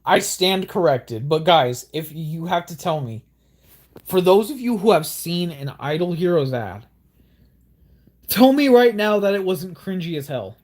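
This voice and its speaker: A young man giving excitable, rambling gameplay commentary with exaggerated outbursts. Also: high-pitched, unhurried. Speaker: gaming YouTuber.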